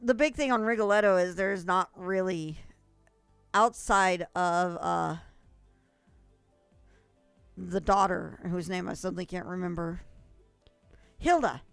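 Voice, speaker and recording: A woman's voice: lowish voice, steady tone, slow, creaky, pauses often, clear, resonant tone, no echo, faint music behind. A young adult woman streamer chatting casually with viewers, gushing and rambling, with frequent coughs.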